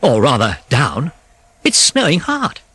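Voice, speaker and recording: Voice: medium pitch, huge pitch swings, slow pace, fairly bright tone, breathy edge, no echo, heavily acted. A narrator voicing a brave, good-natured male water rat in a storybook reading, speaking in a kindly, soothing, practical way.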